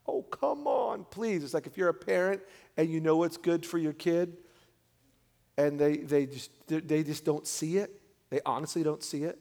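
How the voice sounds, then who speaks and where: Animated man preaching in a reverberant hall. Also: a little high, normal speed, gravelly. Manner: animated, swings between loud emphatic peaks and quiet asides. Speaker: pastor. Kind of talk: sermon.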